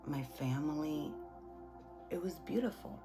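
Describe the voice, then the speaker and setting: A young woman vlogger in a casual get-ready-with-me chat, talking in a soft, halting, emotional way with many restarts. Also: deep voice, lively intonation. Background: background music.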